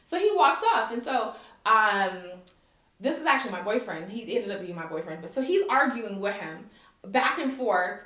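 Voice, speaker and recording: An American woman telling a story in casual conversation, animated and profane, acting out what people said. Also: mid-range voice, normal speed, echoey room. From United States. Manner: animated, profane, acts out dialogue. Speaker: guest, longtime expat.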